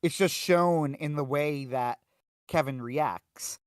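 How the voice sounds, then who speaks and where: A man's voice: on the high side, slow, dry recording, clean studio sound. A man co-hosting a livestream, talking casually about a film with lots of fillers and restarts. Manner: animated retelling with frequent fillers and restarts. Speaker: podcast co-host.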